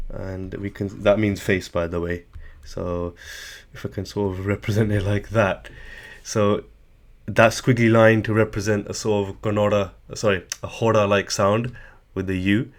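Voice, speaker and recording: Male language tutor, lowish voice, patient step-by-step explaining with self-corrections. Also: level tone, measured pace, pauses often. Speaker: language teacher.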